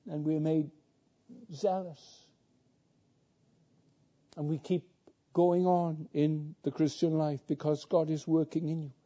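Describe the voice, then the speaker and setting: A man's voice: a little high, level tone, takes it slowly, pauses often, mellow. A man preaching a sermon, earnest and repeating his words, who builds to fervent climaxes. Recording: dull lo-fi sound.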